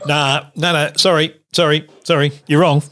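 A man hosts a radio chat show, ribbing his co-hosts and laughing along. His voice sits a bit high for a man. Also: flat delivery, normal speed, fairly bright tone. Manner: jokey, teasing, laughs often. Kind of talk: casual radio banter.

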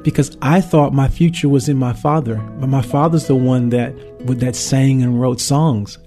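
A man's voice: medium pitch, fairly even intonation, moderate pace, warm tone, faint music behind. A man from St. Louis, a worship leader, telling his faith story in an earnest, heartfelt way with frequent ums. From St. Louis, Missouri, USA. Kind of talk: personal faith testimony.

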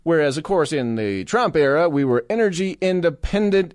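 A man's voice: a little high, animated, normal speed, hardly any pauses, a little mellow, no room sound, studio quality. Sarcastic male talk radio host. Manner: sarcastic, mocking, mimics voices. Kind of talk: opinionated political talk radio monologue.

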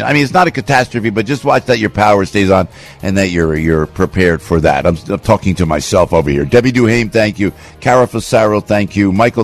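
A man from the New area hosting a radio show, reading ads and chatting in a jokey, rambling way. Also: lowish voice. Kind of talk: casual radio chat and live ad read. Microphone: studio microphone.

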